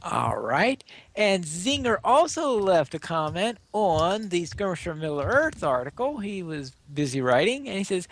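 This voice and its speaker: Lively man hosting a podcast. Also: sits high, a little slow, few pauses. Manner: reads listener comments, hands off to co-hosts. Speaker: podcast host. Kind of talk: casual podcast chat.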